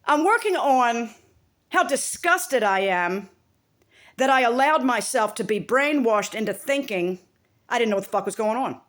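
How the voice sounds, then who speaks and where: A woman's voice: a little high, animated, measured pace, a bit bright. A woman vlogger talking to camera in a rambling, profane, exasperated rant.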